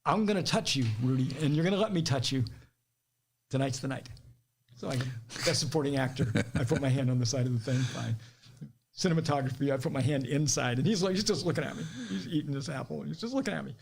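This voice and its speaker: A man's voice: medium pitch, quick pace, vocal fry, husky. A middle-aged man with an Ohio accent telling stories as a podcast guest, laughing often and acting out quotes. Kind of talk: casual storytelling.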